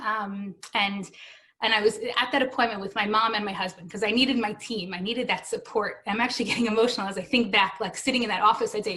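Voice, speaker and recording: A woman's voice: fairly high pitch, a bit bright. A woman in her thirties telling her own story in an earnest, emotional way, acting out the voices of the people she quotes. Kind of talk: personal storytelling.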